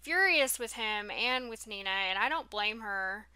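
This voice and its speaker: A woman's voice: mid-range voice, lively intonation, measured pace, bright, forceful tone, clear, resonant tone. A woman doing casual gameplay commentary, reacting with dismay and talking to the characters on screen. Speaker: let's play host.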